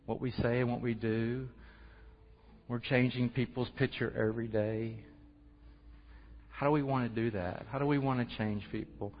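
A man's voice: medium pitch, fairly even intonation, normal speed, pauses often. Earnest man in an echoing hall. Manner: earnest, conversational, laughs at himself. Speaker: church speaker sharing testimony. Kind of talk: personal testimony and prayer. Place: church hall. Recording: muffled audio with long hall reverb.

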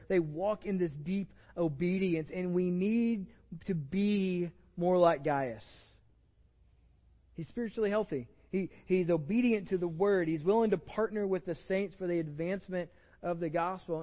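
Texan pastor preaching in an echoing church. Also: male voice, high voice. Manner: conversational, repeats words and restarts, jokes with the congregation. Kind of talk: sermon. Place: church sanctuary with long reverb. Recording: dull lo-fi sermon recording in a reverberant church.

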